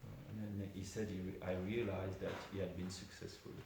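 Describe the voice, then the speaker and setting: Gravelly low-voiced man telling a story in a very echoey hall. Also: level tone, fairly quick. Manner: conversational, retells a story with many asides. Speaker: devotee giving a class. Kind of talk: informal scripture class storytelling. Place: temple hall. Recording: very echoey room with faint hiss.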